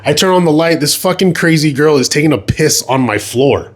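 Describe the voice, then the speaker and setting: A young man co-hosting a podcast, chatting casually and telling animated, swear-heavy stories that get loud when he is indignant. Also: on the high side, brisk. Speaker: podcast co-host. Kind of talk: casual chat.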